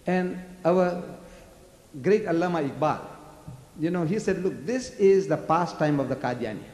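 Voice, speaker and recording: A man's voice: on the high side, animated, moderate pace, darkish tone. An older man from South Africa giving a public lecture, firing emphatic rhetorical questions at the audience, recorded in a large lecture hall. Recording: echoey hall.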